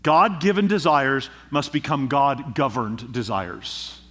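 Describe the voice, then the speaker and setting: A pastor preaching a sermon, with emphatic delivery and rhythmic repetition. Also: male voice, medium pitch, slow pace, a bit bright. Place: church.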